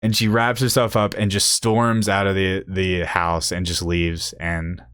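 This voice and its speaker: A young man with a somewhat low voice hosts a podcast and tells a raunchy story in loose, profane casual talk. He jumps into high, excited voices when he quotes his friends. The sound is close and dry, with no room around it. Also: unhurried, smooth, no room sound. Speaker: podcast host.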